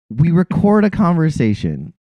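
A man's voice: on the high side, no echo, muffled recording. A man co-hosting a casual podcast, ranting with heavy swearing and loose, rambling energy. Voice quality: profane, animated ranting. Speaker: podcast co-host.

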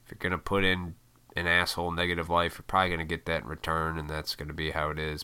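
A man's voice: extremely low pitch, monotone, quick pace, pushed and bright, clean tone. A man from Illinois hosting a casual solo podcast, talking in a laid-back, rambling way with lots of swearing. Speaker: podcast host.

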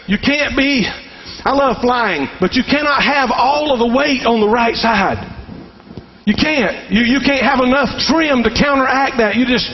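A middle-aged preacher man with a strikingly high voice delivers a folksy sermon, often calling out for an amen. The sound is a little dull and rings with the long reverb of a big hall. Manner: folksy Southern-style preaching with call-and-response. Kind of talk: sermon to fathers.

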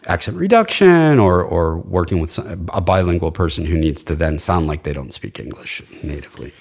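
Middle-aged male dialect coach, very low voice, chatty and rambling. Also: lively intonation, normal speed, vocal fry, a little mellow, husky. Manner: enthusiastic, rambling, demonstrates sounds. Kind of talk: casual interview chat.

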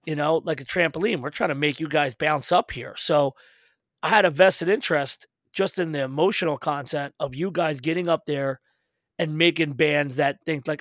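A man hosting a casual podcast chat, swearing freely and telling animated stories. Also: a little high, moderate pace, dry recording, studio quality. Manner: profane, animated storyteller. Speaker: host.

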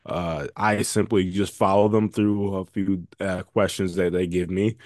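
A man co-hosting a podcast in casual chat, talking in a halting, deadpan way with many fillers. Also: fairly low pitch, dry recording, clean studio sound. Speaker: podcast co-host.

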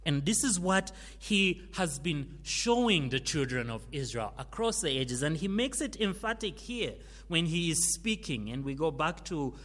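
A man preaching a sermon, stressing his words forcefully and then dropping to hushed phrase endings. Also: fairly high pitch. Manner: emphatic, swinging from loud stresses to hushed endings. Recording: long hall reverb.

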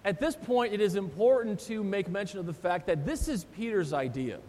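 A pastor preaching a sermon, retelling the story with animated voices for the disciples. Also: male voice, fairly quick. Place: church sanctuary. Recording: long church reverb, faint rumble.

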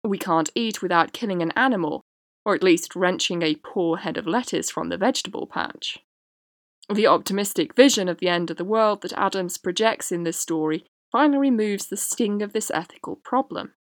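A woman hosting a podcast, reading a prepared essay in a measured way. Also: medium pitch, no echo, studio quality. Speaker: podcast host. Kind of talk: scripted essay narration.

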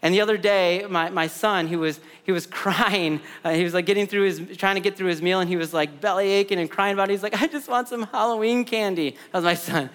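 A man's voice: sits high, steady tone, fast, few pauses, a bit bright, clear, resonant tone. Man preaching in a reverberant hall. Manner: conversational preaching with repeated words and asides. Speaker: pastor. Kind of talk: sermon.

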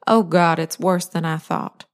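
A woman's voice: lowish voice, steady tone, a little slow. Woman putting on a bossy elegant grandmother. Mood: alarmed. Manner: emphatic, bossy. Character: elegant self-assured grandmother, fussing and commanding.

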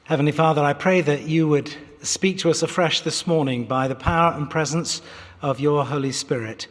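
A man's voice: on the high side, moderate pace. A British man in his fifties preaching an earnest, articulate sermon from a church pulpit, with wry asides. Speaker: pastor. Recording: echoey church hall.

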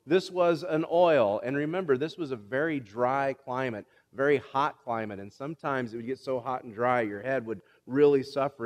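A middle-aged man preaching a sermon to his congregation, asking them questions and reading scripture aloud. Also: on the high side. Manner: animated, rhetorical questions to the congregation. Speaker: pastor. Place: church sanctuary. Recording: long reverb of a church hall.

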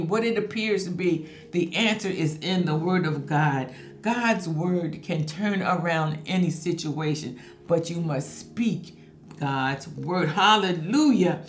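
A woman preaching a sermon, reading scripture and saying hallelujah often. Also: on the low side. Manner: emphatic preaching, reads scripture, frequent hallelujahs. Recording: echoey room with faint music. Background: faint music.

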